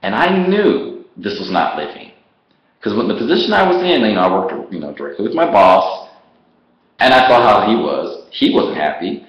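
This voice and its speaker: A man vlogger telling his personal story to the camera in an animated way, laughing often and acting out what he once said. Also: lowish voice, normal speed, dull audio. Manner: animated, laughs often, acts out his own past words. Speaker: online business vlogger. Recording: roomy echo.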